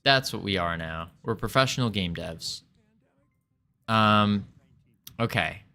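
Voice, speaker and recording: Slow-talking bright-voiced man streaming. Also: lowish voice. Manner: muttering while reading code, self-deprecating. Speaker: game dev streamer. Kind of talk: casual live coding commentary.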